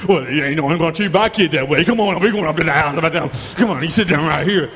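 A man acting out an indignant parent loudly defending their child. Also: on the high side, fast, in a large hall, voice pushed down, natural voice. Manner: blustering, emphatic threats. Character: indignant protective parent, loud and blustering.

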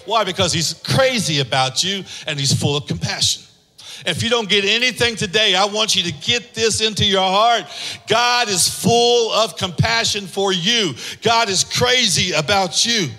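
High-voiced impassioned preaching man. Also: moderate pace, pushed and bright. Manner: impassioned preaching with sung-out lines; acts out voices in anecdotes. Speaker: pastor. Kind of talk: sermon. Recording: long hall reverb.

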